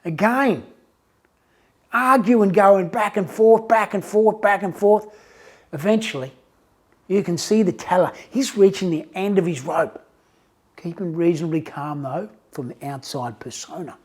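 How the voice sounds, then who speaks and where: A man, a success coach, telling a story in a casual, animated way with frequent restarts. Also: sits high, a little slow. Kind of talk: motivational storytelling.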